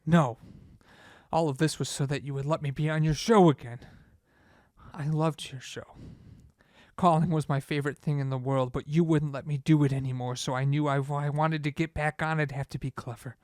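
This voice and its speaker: An actor playing an obsessive male caller who turned killer in a comedy audio drama, speaking calmly and matter-of-factly. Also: a little high, moderate pace, dry recording, clean studio sound, natural voice. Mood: calmly confessing. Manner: calm, matter-of-fact confession.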